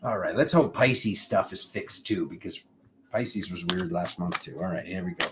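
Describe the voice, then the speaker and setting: A man gives a casual, playful tarot reading to camera, rambling and making asides to people off camera while invoking cosmic forces in an incantatory tone. His voice is low-pitched at a moderate pace, with background noise.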